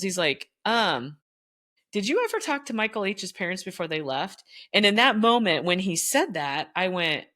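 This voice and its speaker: A woman, a former teacher, telling a school story in casual chat and acting out the people she quotes. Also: mid-range voice. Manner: animated, acts out quoted voices, laughs while telling.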